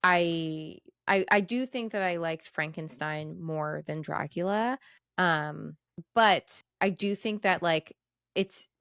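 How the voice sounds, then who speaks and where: Giggly woman with a smooth voice. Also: on the low side, slow, fairly bright tone, dry recording, clean studio sound. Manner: rambling and giggly, many fillers. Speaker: podcast co-host. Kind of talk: casual chat.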